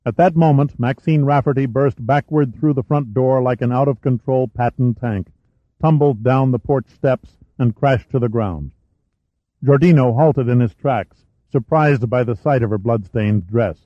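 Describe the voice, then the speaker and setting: A man's voice: medium pitch, moderate pace, no room sound. Man narrating a thriller, dry dull sound. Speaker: audiobook narrator. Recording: dry, slightly muffled studio recording.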